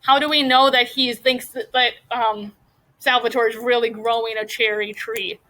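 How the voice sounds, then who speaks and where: A woman's voice: on the high side, steady tone, pushed and bright, rough recording. A woman teacher reading a novel aloud to her class and stopping to ask the students questions. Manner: pauses to question students about the story.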